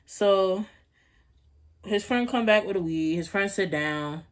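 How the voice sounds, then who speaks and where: A woman's voice: medium pitch, takes it slowly, long pauses. A young woman vlogging at home, telling a casual story in a rambling, slangy way with laughs.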